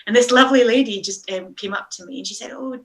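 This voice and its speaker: A woman's voice: a little high, quick pace. A woman guest telling stories from a long-distance hike in a casual interview, rambling with many hesitations and small laughs.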